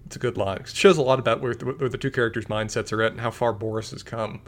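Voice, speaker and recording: A man co-hosting a casual podcast, relaxed and encouraging. He talks through his picks in an unhurried way and reads quoted lines straight, with no big performance. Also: medium pitch. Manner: easygoing and appreciative, reads quotes aloud. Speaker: podcast co-host. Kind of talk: casual chat ranking favorite lines from a TV drama.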